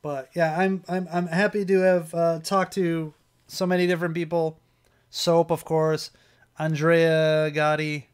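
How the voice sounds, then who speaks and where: A man's voice: on the high side, level tone, a little slow, smooth. A man with a strained, worn voice hosting a livestream, chatting casually and rambling through restarts and chuckles. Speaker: livestream host. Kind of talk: casual chat.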